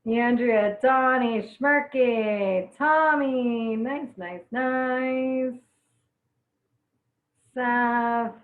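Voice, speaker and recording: Speaking extremely slowly in a fairly high, steady voice, a young woman runs a live online cooking class. Onions have her teary-eyed, yet she keeps chatting, laughing and exclaiming frequently. Audio is echoey and distant, like a phone.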